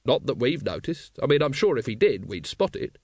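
A man doing a gruff, weary guard captain. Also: mid-range voice, sing-song, a little fast, a little mellow, dry recording, studio quality. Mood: glum. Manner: gruff, glum, terse. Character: weary, bitter middle-aged male city guard captain. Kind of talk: audiobook character voice.

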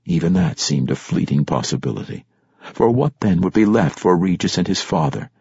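A man narrating a fantasy audiobook in a measured, expressive storytelling manner. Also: low voice, creaky, breathy edge, no room sound. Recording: dull lo-fi dry recording.

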